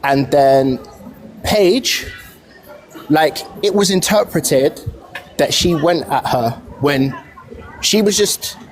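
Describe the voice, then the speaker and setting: A British man hosting a live stream, calmly steering a heated discussion. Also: on the high side. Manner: calm, steering the talk.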